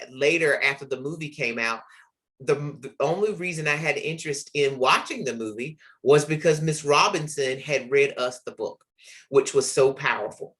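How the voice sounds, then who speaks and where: A literacy educator in his forties hosts a podcast, his voice fairly high, bright and forceful. He recounts personal stories in an earnest, reflective way, now and then using a filler word.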